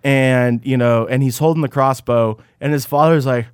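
A man's voice: steady tone, normal speed, clean tone, no echo, clean studio sound. A man co-hosting a casual podcast, recapping a TV episode with lots of stammering restarts and swearing. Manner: rambling, stammering restarts, swearing, acts out quotes in a high voice. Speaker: podcast co-host.

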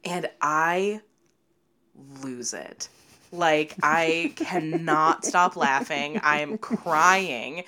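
A young woman spins a funny family tale in casual conversation. Her delivery is animated, often breaking into laughter, and she slips into quick impressions of the relatives she quotes. Her pace jumps around between rushed asides and slow, stretched punchlines. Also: deep voice. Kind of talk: casual storytelling chat.

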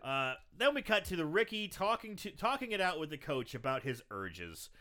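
Animated laughing man recapping a movie. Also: fairly high pitch, normal speed. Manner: animated, laughs often, acts out quoted characters. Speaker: podcast co-host recapping a film. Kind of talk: casual chat, recapping a movie.

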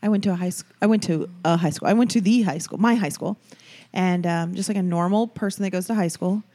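A young woman talking in a casual chat, chatty and quick to tease. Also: on the low side, warm tone.

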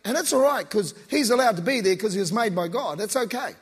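Guy preaching casual and slangy, high husky voice, big echoey hall. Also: fast talker. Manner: relaxed, slangy, conversational preaching. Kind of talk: casual sermon. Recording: long reverb of a large hall.

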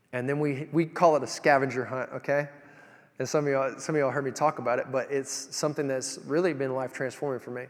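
A man preaching a sermon, telling stories in an animated way that swings from loud to hushed. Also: medium pitch, long reverb tail.

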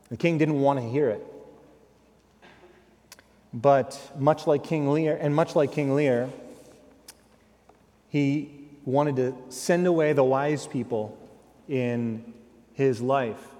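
A man preaching in a large sanctuary, his voice carrying a long hall reverb. He tells the story dramatically and slips into the voices of the people in it. His pitch sits in the ordinary middle. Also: slow pace, long pauses, dark tone. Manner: dramatic storyteller who acts out quotes. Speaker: guest preacher. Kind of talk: sermon.

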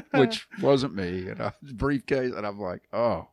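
Gravelly-voiced man telling a story. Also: fairly low pitch, takes it slowly, no echo, studio quality. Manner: animated, acts out quoted voices, laughs often. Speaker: youth pastor and church elder. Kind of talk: casual storytelling in a podcast chat.

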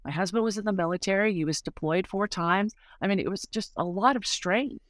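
A woman's voice: medium pitch, brisk, no room sound, studio quality. A middle-aged woman speaking as a guest, telling a personal story in an earnest, heartfelt way with frequent fillers. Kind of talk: casual conversational testimony.

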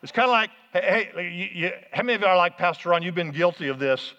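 High, bright-voiced male preacher. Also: quick pace. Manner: energetic preaching with call-outs to the congregation. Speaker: pastor. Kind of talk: sermon. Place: church hall. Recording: muffled, hall reverb.

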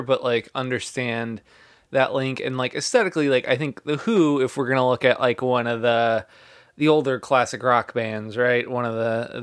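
A man's voice: medium pitch, fairly bright tone, no room sound. A man co-hosting a music podcast, talking in an easygoing, rambling way with dry humor. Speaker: podcast co-host. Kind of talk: casual music chat.

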